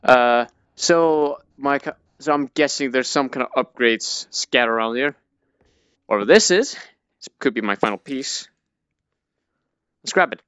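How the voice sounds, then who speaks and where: A man's voice: medium pitch, measured pace, pauses often, a bit bright, clean tone, no room sound. A man commentating a VR horror game, jumpy and panicky, swearing and muttering to himself as he plays. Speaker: gamer playing a VR horror game. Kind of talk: let's play commentary. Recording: dull lo-fi dry recording.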